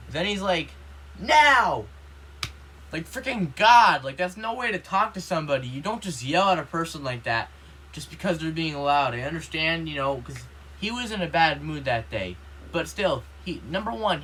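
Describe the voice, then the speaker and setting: A man's voice: medium pitch, pushed and bright, slight background noise. Rambling indignant man venting. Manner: rambling, heavy use of "you know", repeats himself; indignant, swears when upset. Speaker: vlogger. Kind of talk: casual ranting vlog.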